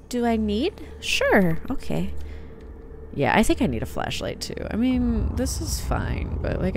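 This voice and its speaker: A woman's voice: mid-range voice, gravelly, a little hiss or hum. A woman hosting a gaming video, giving let's-play commentary and reacting aloud with gasps and small whispered asides.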